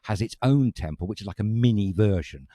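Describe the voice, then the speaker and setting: A man's voice: fairly low pitch, lively intonation, fairly quick, dark tone, no echo. A man from north London co-hosting a live talk show, chatty and emphatic, speaking straight to his viewers. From north London, England. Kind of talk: live chat show presenting. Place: studio.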